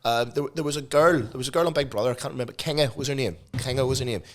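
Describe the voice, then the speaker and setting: A man's voice: mid-range voice, rapid-fire. A young man co-hosting a casual podcast, rambling with restarts and the odd swear. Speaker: podcast co-host.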